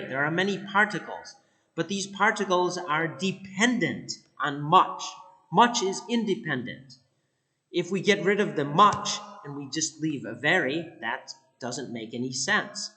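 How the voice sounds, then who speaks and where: Male English teacher, slow deliberate delivery, bright tone, grammar lesson. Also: a little high. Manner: slow, deliberate explaining with repeated examples.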